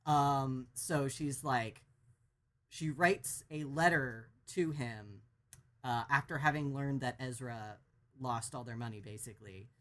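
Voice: mid-range voice, slow pace. A podcast co-host recapping a TV plot in a casual, rambling way with many fillers. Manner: rambling, lots of fillers and restarts.

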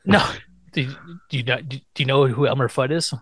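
A man's voice: mid-range voice, a little fast, a bit bright. A man hosting a podcast, recapping a TV episode in casual chat, swearing freely and quoting characters playfully. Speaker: podcast host.

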